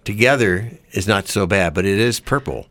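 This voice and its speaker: A man's voice: fairly low pitch, moderate pace, fairly bright tone, no room sound. A man co-hosting a radio morning show, trading wry jokes and easy laughs with his co-host. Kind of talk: casual radio banter.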